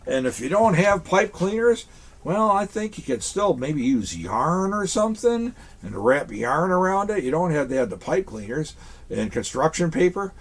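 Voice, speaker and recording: A man's voice: fairly high pitch, very animated, moderate pace. A man playing Santa Claus in a children's craft show, chatting folksily to boys and girls as he works.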